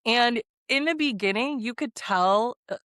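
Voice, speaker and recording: A woman's voice: on the high side, measured pace, smooth, no room sound, studio quality. A woman hosting a casual podcast, telling stories with lots of energy, swearing freely and acting out quotes. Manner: animated storytelling, swearing freely, acts out quotes. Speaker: podcast host.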